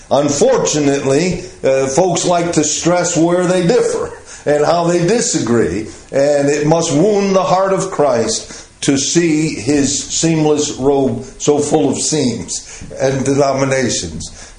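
An older man teaching a Bible class, explaining passages in a slow, measured way. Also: fairly high pitch, darkish tone. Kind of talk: Bible study lecture. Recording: echoey room.

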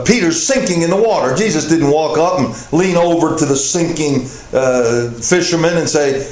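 A man with a high voice preaches a sermon, earnest and emphatic, leaning into key points with small "uh" pauses. The sound is roomy and echoey, with a faint hiss underneath. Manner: earnest preaching with rising emphasis and frequent "uh" fillers. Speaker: pastor. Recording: echoey room with faint noise.

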